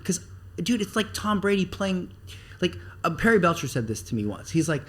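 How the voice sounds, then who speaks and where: Animated blunt man, slightly high voice. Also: quick pace. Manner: animated, blunt, swears, acts out quotes. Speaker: guest marketer. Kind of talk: casual podcast interview.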